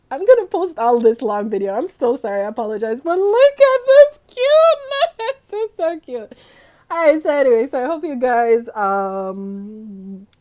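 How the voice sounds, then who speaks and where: A woman's voice: fairly high pitch, a little mellow. A young woman casually narrating a life-sim game, chatty and rambling, laughing and losing her train of thought. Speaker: gaming vlogger. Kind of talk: casual gameplay commentary.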